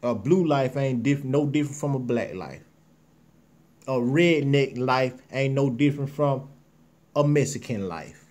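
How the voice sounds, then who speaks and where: An impassioned man hosting his own show, speaking. He preaches and repeats himself, his voice heavy with emotion, in a mid-pitched tone. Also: measured pace, a little mellow. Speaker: host. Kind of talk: emotional commentary monologue.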